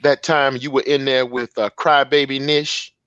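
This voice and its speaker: A man's voice: mid-range voice, flat delivery, normal speed, fairly bright tone, clear, resonant tone, no echo, dull audio. A man co-hosting a casual talk show, chiming in with brief agreement and recalling shared stories. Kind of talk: casual chat.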